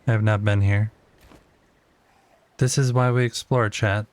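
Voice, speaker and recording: A man's voice: fairly low pitch, fairly even intonation, a little slow, no room sound. A man livestreaming a game, casually chatting with his viewers and teasingly talking to the creatures he meets.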